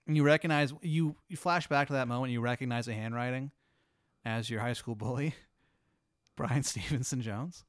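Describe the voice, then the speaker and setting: A man's voice: mid-range voice, normal speed, dry recording, studio quality. A man hosting a podcast, spinning a long improvised hypothetical in a laid-back, rambling way full of "like". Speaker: host.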